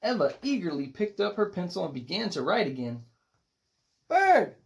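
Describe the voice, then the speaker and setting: Animated picture book reader. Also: medium pitch, fairly quick, gravelly, a little hiss or hum. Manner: animated, expressive narration. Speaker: storybook reader. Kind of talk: picture book read-aloud.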